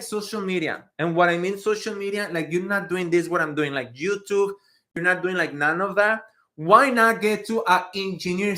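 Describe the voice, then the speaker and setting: On a casual livestream, an IT career coach in his thirties answers questions from viewers. He has a high voice and speaks in an animated, slang-heavy way.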